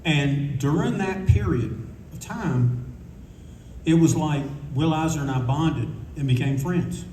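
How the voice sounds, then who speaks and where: Older male panelist, rambling raconteur, warm low-key tone, faint room hum behind. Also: takes it slowly, recorded from a distance. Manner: rambling, candid, swears freely. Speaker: convention panelist. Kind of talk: casual anecdotal storytelling. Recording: echoey room recording from afar.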